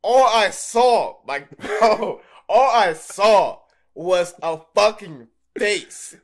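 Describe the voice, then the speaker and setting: Animated, swearing young man telling stories. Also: high voice, very slow. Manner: animated storyteller, swears freely, laughs often. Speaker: podcast co-host. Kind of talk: casual chat.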